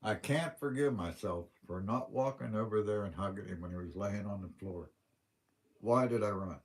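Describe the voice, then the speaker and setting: Hosting a casual livestream, a man with a Western Pennsylvania accent spins rambling, folksy stories in plain speech. His voice is on the low side and his pace is moderate.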